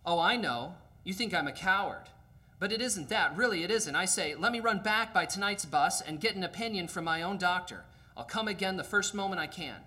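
A man's voice: sits high, animated, a little fast, bright, forceful tone, pitched above the performer's own voice, full character voice. A man reading aloud and voicing a frightened, evasive male ghost who pleads and makes nervous excuses. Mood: panicked.

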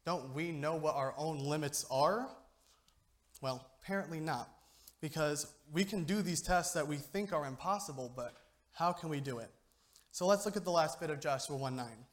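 A young man's slightly high voice carries a chatty youth sermon at normal speed. As a lay speaker addressing the church, he jokes around and frequently checks in by asking "okay?"

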